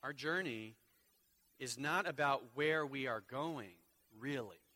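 A man preaching a sermon as pastor, swinging from hushed, slow lines to loud, emphatic ones. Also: mid-range voice.

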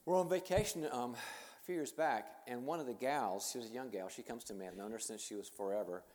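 A middle-aged man giving a conversational, self-deprecating talk to leaders, telling personal stories in an animated way. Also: medium pitch, brisk. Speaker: speaker and author addressing leaders. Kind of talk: conference talk with personal storytelling. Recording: long hall reverb.

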